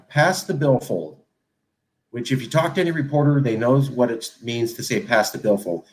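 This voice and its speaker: Man, host, emphatic, repeats himself, middle pitch, online panel talk. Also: normal speed. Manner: passionate, emphatic, repeats his points.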